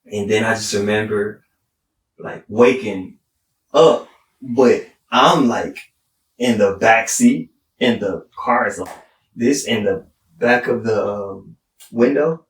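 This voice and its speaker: On a podcast, a young Houston, Texas singer-songwriter rambles through a story from his own life, restarting often and saying "like" a lot. His voice is on the low side with a fairly bright tone, and the mic sits distant in a roomy setting.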